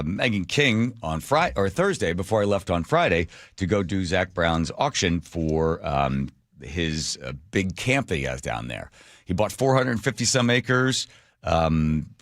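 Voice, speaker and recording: Man, middle-aged, radio host, casual storytelling, low pitch, very lively, dry studio mic. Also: dry recording. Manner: animated, self-mocking, laughs at his own stories. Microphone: studio microphone.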